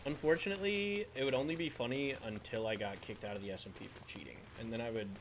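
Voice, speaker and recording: A man's voice: medium pitch, fast talker, slight background noise. A young man, chatting casually with his viewers while playing a game on a live stream, laughing often and answering chat.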